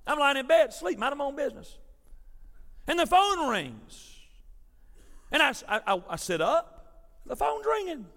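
A man preaching a sermon, telling a folksy story to his congregation in a lively, animated way. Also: extremely high pitch, unhurried, pauses often. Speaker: pastor. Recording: preached in a reverberant sanctuary.

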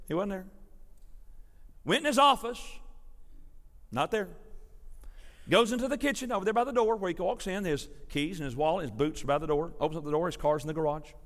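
A man preaching a sermon, telling a folksy story to his congregation in a lively, animated way. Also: sits high. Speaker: pastor. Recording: preached in a reverberant sanctuary.

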